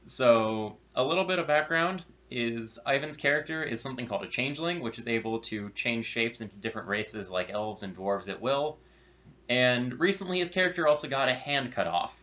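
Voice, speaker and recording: A man casually telling a funny story from his game nights, with wry asides and animated delivery. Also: mid-range voice, moderate pace. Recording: dull lo-fi recording.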